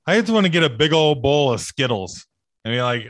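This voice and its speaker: A man's voice: medium pitch, animated, fairly quick, a bit bright, dry recording. A man co-hosting a podcast in casual chat, tossing out dry, joking one-liners. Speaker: podcast co-host.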